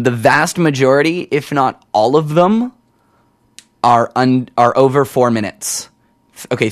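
A young man hosts a college radio show from the studio, talking loosely between tracks. His pitch sits in a middling range. He rambles, pokes fun at himself and leans on frequent ums. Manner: rambling, self-deprecating, lots of ums. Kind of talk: casual radio chat.

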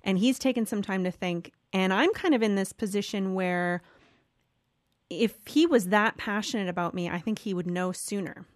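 A woman's voice: medium pitch, normal speed, dry recording, clean studio sound. A woman hosting an interview, asking questions with a hesitant, searching manner. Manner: hesitant, many fillers and restarts while asking. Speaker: interview host. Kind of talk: conversational interview.

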